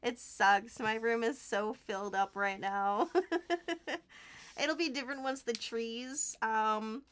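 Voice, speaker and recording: High-voiced giggly woman streamer. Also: steady tone, takes it slowly, fairly bright tone, smooth. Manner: chatty, giggly and effusively grateful. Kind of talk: casual livestream chat while crafting. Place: tiny warm room at home.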